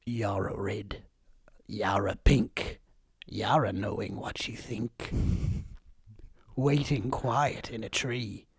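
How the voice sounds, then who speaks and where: A podcast host voicing a hushed, creepy poem reciter in a put-on Australian accent, low and breathy. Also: male voice, slow, long pauses, no echo, studio quality, heavily acted. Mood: eerie.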